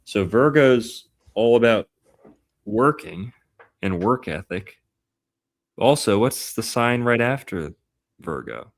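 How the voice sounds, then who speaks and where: A man's voice: lowish voice, lively intonation, slow, long pauses. A man hosting a casual podcast chat about astrology, playful and punning, stretching out words for emphasis. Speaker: podcast host.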